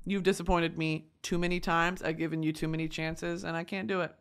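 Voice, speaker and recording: A woman's voice: fairly low pitch, little pitch movement, a little fast, clear, resonant tone, natural voice. A woman voicing a fed-up young woman who coldly leaves her partner. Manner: cold, firm.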